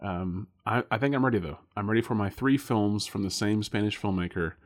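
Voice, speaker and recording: This man co-hosts a casual podcast and guesses films, talking fairly quickly in a lowish voice. He rambles with plenty of fillers and restarts and laughs often.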